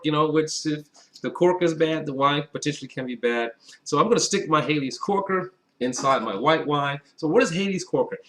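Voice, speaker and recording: A man's voice: a little high, a bit bright. A man hosting a casual on-camera wine tasting, talking to viewers directly in a chatty, upbeat way. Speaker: wine reviewer.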